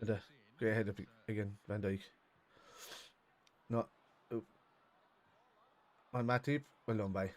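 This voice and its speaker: A man co-hosting a football watch-along, calling out excited reactions to the play and swearing freely. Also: lowish voice, slow, long pauses. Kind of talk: live match watch-along chat.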